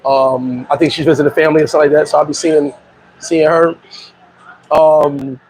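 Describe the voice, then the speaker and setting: A middle-aged man from New York in a casual livestream. He talks in animated street slang, laughs often and reads out viewer comments. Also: fairly high pitch, slight background noise, low-quality recording. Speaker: vlogger.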